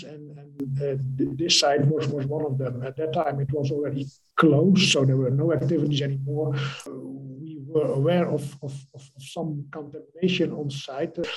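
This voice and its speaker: A man's voice: mid-range voice, a little mellow, low-quality recording. A man answering interview questions as a remediation project manager, speaking hesitantly and repeating words.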